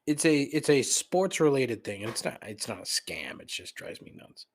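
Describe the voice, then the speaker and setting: A middle-aged man riffing through a casual podcast rant, swearing freely and wandering off on tangents. His voice sits at an ordinary middle pitch, and he griping with comic frustration, breaking off into asides. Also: big pitch swings, normal speed. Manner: profane, rambling, griping, frequent laughs and asides. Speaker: podcast host.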